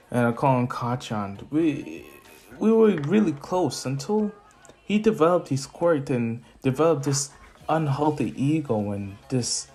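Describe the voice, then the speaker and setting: Rambling man telling a story off the cuff, self-correcting, soft music under it. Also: medium pitch. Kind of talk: casual improvised fan story. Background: soft lofi music.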